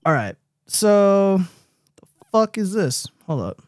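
A young man with a high, bright-sounding voice hosts a loose livestream chat, swearing constantly and wandering off into tangents. He reads viewer comments aloud and riffs on them. The sound is dry and close, with no room around it. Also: big pitch swings, slow pace, dry recording. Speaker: stream host.

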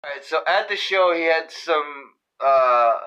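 A man's voice: a little high, measured pace, pushed and bright, dull audio. A man hosting a podcast, chatting over beers with a teasing, sarcastic, joking manner. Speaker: podcast host. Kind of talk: casual chat over beers.

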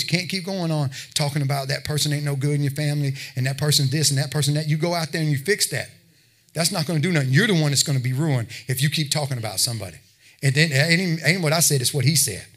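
A man's voice: a little high, quick pace, fairly bright tone, slightly rough. A man preaching a sermon, talking plainly with his listeners and building to emphatic exhortation. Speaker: pastor.

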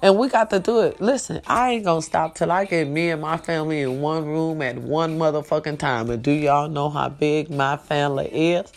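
Her low, creaky voice moves at a moderate pace with few pauses as she hosts an online show. It's a casual, heartfelt livestream in which she talks directly to viewers, repeats herself, and battles tears while praising God and her family.

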